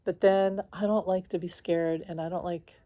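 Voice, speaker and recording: A woman talking in a casual confessional vlog from home, rambling with lots of fillers and quick laughs between thoughts. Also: lowish voice, steady tone, mellow. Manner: talks lying down. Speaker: spiritual vlogger.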